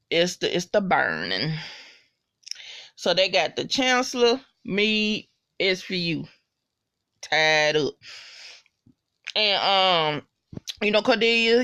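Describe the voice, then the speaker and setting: A woman giving a casual, slangy, profanity-laced spoken recap of a TV episode, loud and gushing. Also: mid-range voice, no room sound, clean studio sound.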